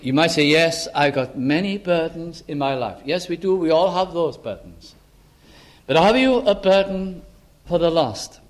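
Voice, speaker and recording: A man preaching a sermon in church, earnest, slowing down and lifting his voice on the words he stresses. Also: on the high side, animated. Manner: earnest, slows down and rises for emphasis.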